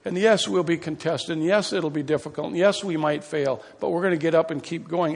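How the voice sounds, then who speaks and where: A man's voice: fairly high pitch, a little fast, vocal fry, few pauses. A man preaching a sermon as pastor, impassioned and building to emphatic peaks. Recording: long hall reverb.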